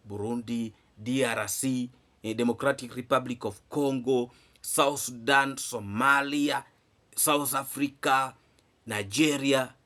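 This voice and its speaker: Male vlogger, emphatic and repetitive, voice swinging up and down in pitch. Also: a bit bright. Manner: emphatic, repeats phrases, asks rhetorical questions. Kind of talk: animated commentary to camera.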